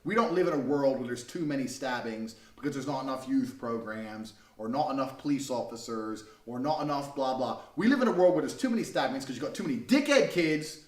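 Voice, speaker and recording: A man's voice: mid-range voice, expressive, a little fast, hardly any pauses. A young man ranting to camera in a vlog, aggressive, profane and contemptuous. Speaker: vlogger. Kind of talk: ranting monologue. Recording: roomy, mic at a distance.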